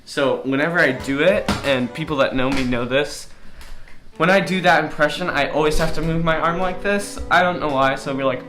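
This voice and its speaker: A man's voice: fairly high pitch, brisk. Teen guy vlogging, goofy and rambly, making fun of himself, echoey room w guitar music. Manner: rambling, self-mocking, goofy. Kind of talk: casual chat to camera.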